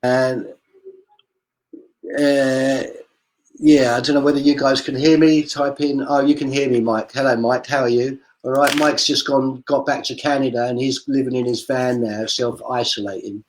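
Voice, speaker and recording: A man's voice: mid-range voice, fairly even intonation, normal speed, rough recording. A man on a video call, a street performer talking through his career in a chatty, digressive way. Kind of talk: casual video-call interview.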